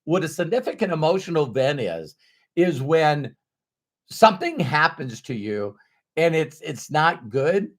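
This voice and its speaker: A man's voice: a little high, measured pace. Candid middle-aged man telling a personal story. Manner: candid, animated, with sudden loud bursts. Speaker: motivational speaker.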